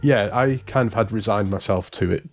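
Male podcast co-host, lowish voice, loose and rambling, faint music bed. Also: normal speed. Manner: rambling, self-correcting, amused. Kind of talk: casual chat.

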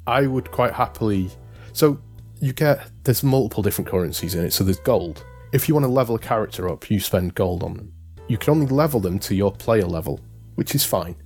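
Male podcast co-host, lowish voice, loose and rambling, faint music bed. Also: lively intonation, a little fast, a little mellow. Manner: rambling, self-correcting, amused. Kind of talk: casual chat.

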